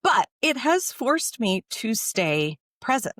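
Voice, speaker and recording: A woman, a podcast guest, telling stories in a casual, animated way and acting out the people in them. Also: on the high side, takes it slowly, dry recording, clean studio sound. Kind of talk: casual storytelling.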